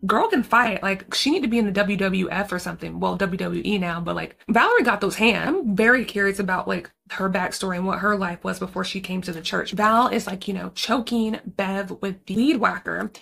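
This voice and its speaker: A young woman recaps a horror film in a loose, slangy way, full of asides. Her voice sits at a middle pitch and has a gravelly fry to it. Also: brisk, few pauses, fairly bright tone. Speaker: movie reviewer.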